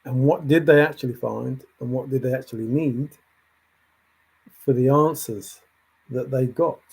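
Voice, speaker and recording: A man's voice: mid-range voice, unhurried, vocal fry, darkish tone, breathy edge. A man hosting a livestream, thinking aloud in a rambling way and answering chat comments as they come in. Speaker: livestream host.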